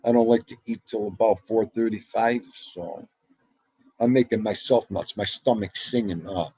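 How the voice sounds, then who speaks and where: A man hosting a casual livestream, talking to his chat with a gravelly, husky voice. He is chatty and excitable, and his pitch leaps up suddenly as he talks, over a dry, close sound with no room echo. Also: normal speed. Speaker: livestream host.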